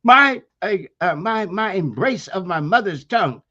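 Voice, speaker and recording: Emphatic Maryland man, high lively voice. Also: normal speed, muffled recording. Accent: Maryland Eastern Shore, African American Vernacular. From Maryland Eastern Shore, USA. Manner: emphatic, rhetorical, preacherly cadence with tag questions. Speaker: university lecturer, guest. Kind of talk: impassioned interview talk.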